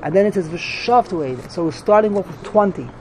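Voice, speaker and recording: A man's voice: high-pitched, brisk, darkish tone, slight background noise. A man teaching a Talmud class, repeating himself animatedly and mixing English with Hebrew and Yiddish terms.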